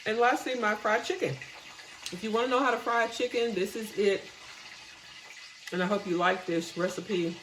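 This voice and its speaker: A woman's voice: on the low side, roomy sound, a little hiss or hum, rough recording. A woman hosting a cooking video, casually showing and tasting her home-cooked food. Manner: homey, churchgoing, tastes food on camera with mouth full. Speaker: cooking channel host.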